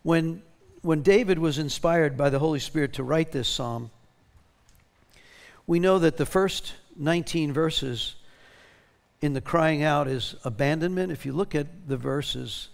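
A man preaching a sermon, animated and emphatic, reading scripture aloud with feeling. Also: fairly high pitch, measured pace, creaky. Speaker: pastor.

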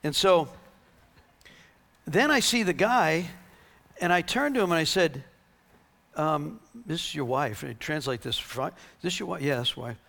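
High-voiced man preaching animatedly. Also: unhurried, gravelly, long pauses. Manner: animated, acts out dialogue, laughs. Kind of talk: sermon with storytelling.

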